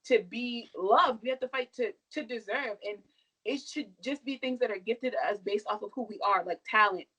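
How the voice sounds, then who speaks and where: A young woman with a fairly high voice talks with force and conviction, pressing each point home. Her delivery is emphatic and a little sassy, like a guest on a podcast making her case. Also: moderate pace, sharp tone, breathy edge, lo-fi sound. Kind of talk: impassioned podcast discussion.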